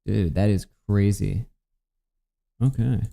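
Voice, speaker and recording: A man's voice: lowish voice, slow, creaky, mellow. A man co-hosting a livestream, chatting casually and swearing while reacting to videos and reading out donations. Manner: laid-back, swearing, reads out donations. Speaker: livestream co-host. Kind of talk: casual profane stream chat.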